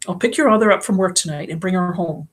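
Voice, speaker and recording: A woman's voice: fairly low pitch, fast talker, close to an everyday voice. A woman reading as a stern fatherly doctor. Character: stern caring middle-aged male doctor, a father. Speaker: audiobook reader. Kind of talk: audiobook character voice.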